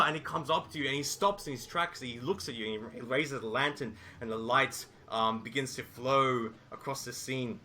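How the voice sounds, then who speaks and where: A man narrating as game master, telling the story in a lively, improvised way. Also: medium pitch, normal speed, hardly any pauses.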